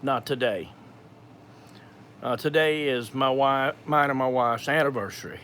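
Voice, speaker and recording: A man's voice: mid-range voice, measured pace, fairly bright tone, slight background noise. A man in his fifties with a thick Georgia accent, talking in a folksy, rambling way with many fillers and restarts during a live question-and-answer session. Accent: thick Georgia Southern. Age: 50s. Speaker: ministry speaker.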